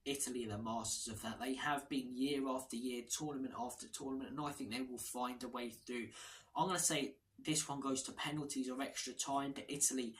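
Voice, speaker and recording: A man's voice: mid-range voice, steady tone, brisk, fairly bright tone, slight background noise, low-quality recording. A man hosting a casual football predictions vlog, chatty, blunt and opinionated. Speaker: football channel host.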